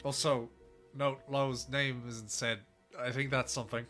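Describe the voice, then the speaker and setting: A man's voice: mid-range voice, level tone, unhurried, pushed and bright. A man co-hosting a game stream, chatting playfully and laughing often, over game music. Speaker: let's play co-host. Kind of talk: casual game commentary with voice acting.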